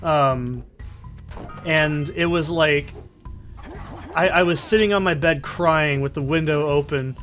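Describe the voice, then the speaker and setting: A man records let's play commentary on a desk condenser mic in a soundproofed corner, casually telling a long, profane, meandering story that he keeps interrupting. His voice is a little high and fairly bright, and he speaks slowly with frequent pauses. Faint music sits behind him.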